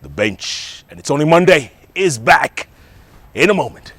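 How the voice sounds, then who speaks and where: A man's voice: fairly high pitch, big pitch swings, measured pace, fairly bright tone, husky, no room sound. A man hosting a TV talk show, enthusiastic and hyping up his guest.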